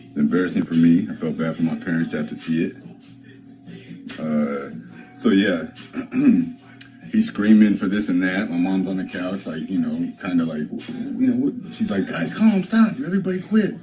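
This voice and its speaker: Young male streamer, low voice, loose profane storytelling with soft music under it. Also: moderate pace, poor audio. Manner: rambling, profane, restarts and fillers, mimics others in raised voice. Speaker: live streamer.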